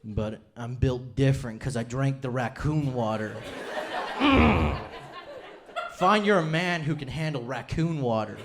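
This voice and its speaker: A young man from Utah works a comedy club crowd through a handheld mic, chatty and self-deprecating, with quick impressions of his relatives. His voice sits at an average pitch, and faint laughter and clicks come through behind him. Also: noisy background. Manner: self-deprecating, chatty, mimics family members in quick asides. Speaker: stand-up comedian. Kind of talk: stand-up comedy set. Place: comedy club stage before a laughing audience.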